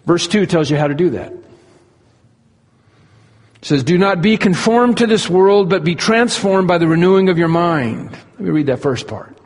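A man preaching an earnest expository sermon, slowing down to stress key words. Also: high voice, animated, in a large hall.

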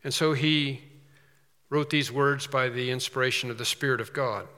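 Male pastor, earnest emphatic sermon delivery, bright ringing voice, church-hall echo. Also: medium pitch, steady tone, moderate pace. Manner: earnest, emphatic preaching with rising stresses.

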